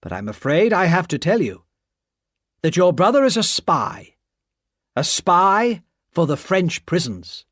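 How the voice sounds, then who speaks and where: A woman voicing a calm, composed gentleman who speaks firmly in a read-aloud story. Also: high-pitched, unhurried, dry recording, studio quality, voice pushed up, full character voice.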